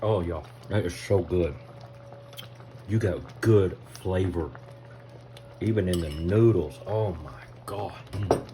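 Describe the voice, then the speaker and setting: A chatty Southern US man hosts a relaxed cooking video in his home kitchen, talking to his viewers like old friends. His voice sits a little low and sounds mellow and warm. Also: takes it slowly, long pauses, a little hiss or hum. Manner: folksy, chatty, addresses viewers as y'all. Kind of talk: casual cooking vlog.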